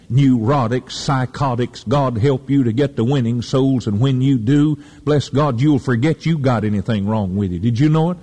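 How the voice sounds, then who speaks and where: Fervent preacher in an echoey hall. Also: male voice, mid-range voice, normal speed, warm tone, slightly rough. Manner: fervent, folksy storytelling preacher. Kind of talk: sermon.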